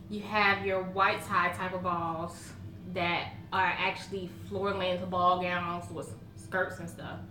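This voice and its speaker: Bright-voiced Southern woman, chatty. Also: lowish voice, a little hiss or hum. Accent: Southern American. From Southern United States. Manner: chatty and folksy, laughs often while telling stories. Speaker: vlogger. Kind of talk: casual chat to camera. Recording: roomy echo.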